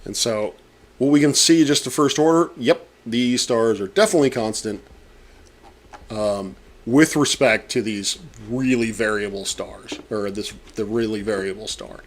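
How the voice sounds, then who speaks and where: Slow, halting man thinking aloud. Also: on the low side. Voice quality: muffled, talking around a pen in his mouth. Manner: muttering, halting, thinking aloud with many fillers. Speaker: astronomy professor streaming data analysis. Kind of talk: casual live-stream narration while working.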